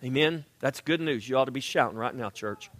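A man preaching a sermon, animated and emphatic, sometimes dropping to a hush. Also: medium pitch, brisk. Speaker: pastor.

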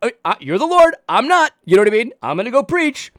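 A man's voice: extremely high pitch, big pitch swings, fast, fairly bright tone, dry recording, studio quality, voice pushed up, heavily acted. Man playing a flustered, stammering prophet. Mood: overwhelmed. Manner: stammering, breathless. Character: flustered, overwhelmed male biblical prophet.

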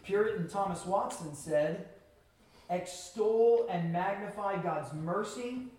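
A man preaching a sermon as pastor to his church, with earnest emphasis and pauses. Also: high voice, a little mellow. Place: church sanctuary. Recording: very echoey hall, from a distance.

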